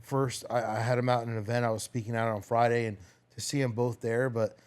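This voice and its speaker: A man's voice: medium pitch, flat delivery, quick pace, clean tone. A middle-aged man in a podcast conversation, speaking bluntly and swearing freely about fatherhood.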